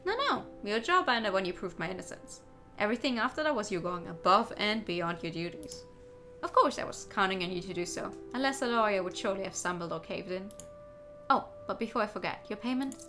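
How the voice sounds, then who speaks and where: A woman voicing a suave male fox private investigator with smooth, courteous and slightly theatrical manners, over faint background music. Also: medium pitch, animated, fairly quick, sharp tone.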